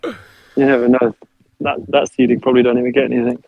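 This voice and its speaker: Casual male podcast guest, quick chatty talk, dull dry call audio. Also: medium pitch, level tone, no echo. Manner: chatty, laughing, acts out family quotes. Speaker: podcast guest, basketball player. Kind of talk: casual interview chat.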